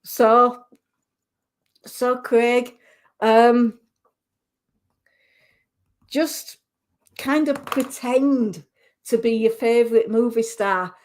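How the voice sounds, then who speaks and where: A woman giving a psychic reading to a caller on a radio show, talking haltingly with many restarts and fillers. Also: a little high, darkish tone.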